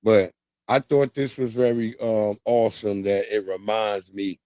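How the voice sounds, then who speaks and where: A man in his forties hosting a livestream, giving animated, profane casual commentary and laughing often. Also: on the low side, measured pace, smooth, no echo. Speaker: livestream host.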